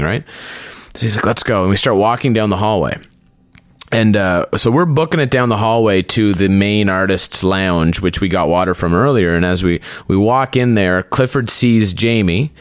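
A man's voice: no echo, clean studio sound. A man telling a casual story about a chaotic festival day, acting out the people he quotes. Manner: animated, acts out quotes with pitch jumps. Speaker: storyteller guest; performer.

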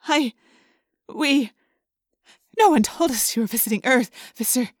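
A woman's voice: on the high side, animated, measured pace, no room sound, clean studio sound. A woman reading aloud voices a frightened woman who babbles and pleads. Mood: stammering. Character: terrified middle-aged alien-controlled woman.

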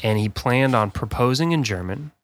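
A man's voice: mid-range voice, lively intonation, normal speed. A man co-hosting a podcast, relaxing into a long story with lots of fillers and laughs. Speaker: podcast co-host. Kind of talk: casual chat, storytelling.

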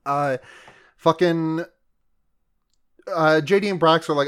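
A man with a slightly raised voice chats casually as a podcast co-host. He recaps a movie in a loose, rambling way, dropping filler words and crude jokes. He keeps slipping into quick, offhand impressions of the characters. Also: fairly high pitch, fairly bright tone, clear, resonant tone. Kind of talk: casual chat.

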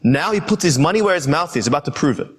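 A man's voice: on the high side, animated, fast, husky. A young adult man preaching a sermon, earnestly addressing his listeners as friends.

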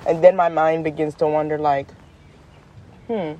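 A woman hosting her own show, talking in a casual, animated monologue full of slang, jumping up in pitch for emphasis and laughing as she goes. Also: moderate pace. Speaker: podcast host.

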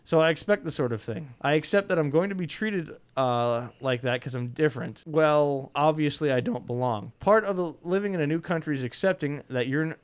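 A man's voice: fairly high pitch, fairly quick, few pauses, clear, resonant tone. A man narrating a first-person story in a wry, conversational way, with frequent uh fillers and small stumbles over words.

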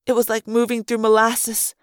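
A woman's voice: a little high, monotone, moderate pace, clean tone, no echo, studio quality. A woman reading a novel aloud in the first person, with tense, dramatic delivery.

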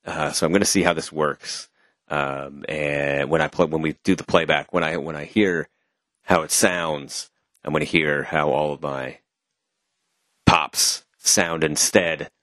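With a very deep, slightly bright voice and a steady tone, a young man co-hosts a podcast, telling meandering, joking stories at a measured pace. His pop-filtered mic yields a dry, studio-quality recording.

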